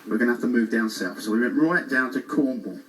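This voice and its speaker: A man's voice: medium pitch, fast talker, fairly bright tone, close to an everyday voice. A man from England doing a stand-up impression of a classic comic, telling bumbling one-liners with self-mocking asides on a cruise ship stage. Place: cruise ship show lounge. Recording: distant mic, faint noise. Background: audience laughter.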